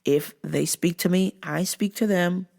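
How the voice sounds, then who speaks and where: A woman hosting a podcast, talking casually to her listeners in a profane, animated rant. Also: fairly low pitch, measured pace, vocal fry. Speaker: podcast host. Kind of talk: casual solo monologue.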